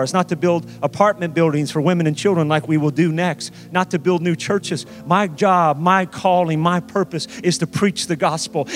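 A pastor delivering a sermon, emphatic and repeating key phrases for weight. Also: male voice, high-pitched.

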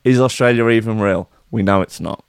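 A man's voice: fairly low pitch, a little fast, gravelly, clean tone, dry recording, clean studio sound. A man hosting a casual chat show, sarcastic and chatty, laughing often. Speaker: radio show host.

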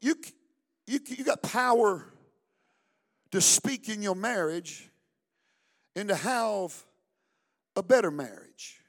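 High-voiced fiery preacher man. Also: expressive, slow, pauses often. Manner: fiery call-and-response preaching, shouting and chanting. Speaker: pastor. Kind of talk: sermon. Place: church service.

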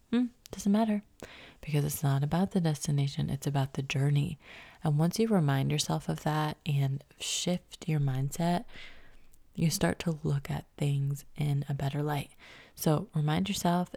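Low raspy-voiced woman, half-whispering. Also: normal speed, dark tone, no room sound. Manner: upbeat, encouraging, laughs at herself. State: a little stuffy from a cold. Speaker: podcast host. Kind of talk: motivational solo podcast talk.

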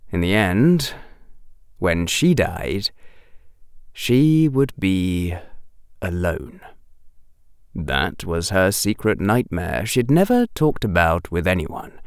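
A man narrating a story as an audiobook reader, slow and emotive, dropping to a hush on dark passages. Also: low voice, gravelly, smooth, no room sound, clean studio sound.

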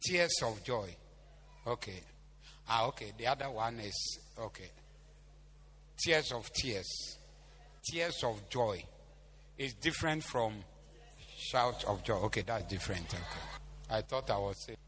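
A man's voice: lowish voice, slow, pauses often, a bit bright. A man with a Ghanaian accent preaching a sermon to a congregation, bantering and joking with them as he teaches. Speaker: pastor. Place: large church hall. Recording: echoey hall, faint hum.

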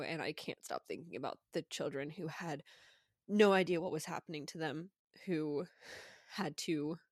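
A young woman co-hosting a podcast, tearful and crying as she talks, halting and apologetic. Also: deep voice, no room sound, clean studio sound. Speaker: podcast co-host. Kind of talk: casual chat.

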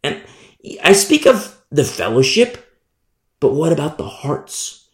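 A man preaching a sermon, repeating and stressing points, his voice climbing high when emphatic and stumbling over words as he works through scripture verse by verse. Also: sing-song, takes it slowly, roomy sound. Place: church.

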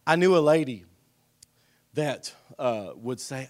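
A man preaching a sermon in a church, dropping to a hushed, intimate voice and then rising to shouted emphasis, often calling out to the congregation for a response. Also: mid-range voice, lively intonation, a little fast. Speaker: pastor. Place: church sanctuary.

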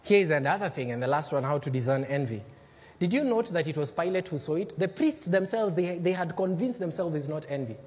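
A man preaching a sermon as pastor, acting out quotes and swinging from loud to hushed. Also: a little high, expressive, fairly quick. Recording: dull lo-fi sound with long hall reverb.

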